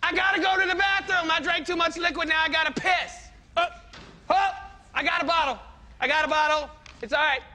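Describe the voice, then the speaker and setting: A man voicing a crude, loudmouthed male president who yells profanity at a play. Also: very high-pitched, steady tone, fairly quick, exaggerated voice. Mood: rowdy. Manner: profane, yelling, repeating himself.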